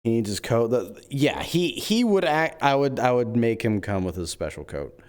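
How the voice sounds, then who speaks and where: Excitable, scheming male role-play streamer. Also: lowish voice. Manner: excitable, scheming, quick jokes. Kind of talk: in-character role-play chat.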